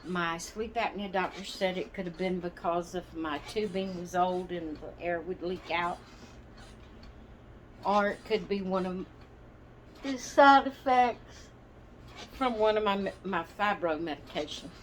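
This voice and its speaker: Slow, rambling woman vlogging from her rocking chair. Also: lowish voice, a little hiss or hum. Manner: slow, rambling, apologetic, hesitant. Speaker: doll channel host. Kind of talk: casual rocking-chair chat to viewers. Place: at home, seated in a rocking chair.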